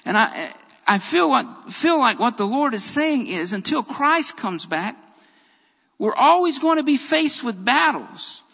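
Male preacher, very high voice, emphatic, repeats key phrases, sermon, dull lo-fi sound. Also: big pitch swings, unhurried, gravelly, sharp tone, in a large hall.

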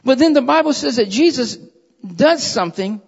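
A man preaching a sermon who reads scripture aloud in a measured way and presses his points with repeated phrases, calling his listeners beloved. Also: extremely high pitch, expressive, vocal fry, breathy edge. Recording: dull lo-fi recording in a reverberant hall.

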